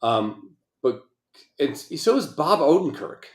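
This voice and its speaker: A man's voice: fairly high pitch, sing-song, slow, reverberant. A man co-hosting a podcast, rambling and joking with plenty of swearing. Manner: rambling, profane, jokey. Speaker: podcast co-host. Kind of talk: casual chat.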